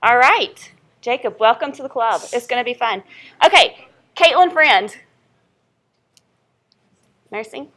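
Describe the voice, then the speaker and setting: Southern woman professor, young, chatty and upbeat, bright higher voice, keeps asking "okay?". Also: normal speed. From North Carolina. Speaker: college professor. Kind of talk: first-day class introduction and roll call. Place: classroom.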